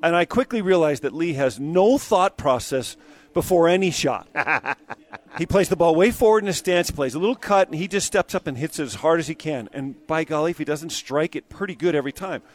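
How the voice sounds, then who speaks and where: A man, a radio guest, telling a casual golf story in an animated way and acting out the lines. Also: on the high side, fairly quick. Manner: animated, acts out quotes.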